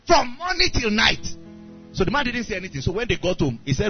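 A male preacher tells a story in his sermon and acts out the characters as he goes. His voice sits high and swings widely in pitch. The recording sounds dull and lo-fi, with faint music underneath. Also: brisk. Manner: animated storytelling, voicing characters.

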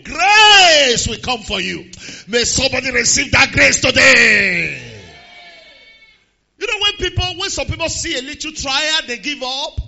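A man preaching a sermon, swinging from quiet asides to slow, shouted declarations. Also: very high-pitched, expressive, vocal fry, dull audio. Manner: swings from quiet to shouted emphasis, slows hard on key lines.

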